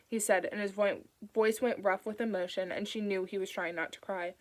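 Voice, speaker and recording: A woman narrating an audiobook. Her reading is steady and measured, and she carries the story along evenly. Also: medium pitch, rough recording.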